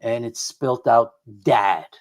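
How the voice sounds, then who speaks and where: A middle-aged man, appearing as a guest investigator of the unexplained on a radio show, recounts something from his own past. His voice is at an ordinary male pitch and his pace is measured, but the story rambles, with many restarts, repeated words and quoted lines of what people said.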